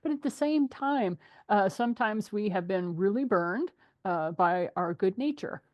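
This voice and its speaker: A middle-aged woman hosts a relaxed group conversation. She tells animated, lively stories and often breaks into laughter. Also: medium pitch, unhurried. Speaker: host. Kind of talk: casual group chat.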